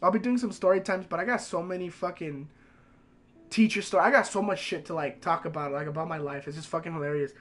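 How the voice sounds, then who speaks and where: Young man rambling, high-voiced. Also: fast. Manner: rambling, profane storytelling. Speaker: game streamer. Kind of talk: casual stream chat.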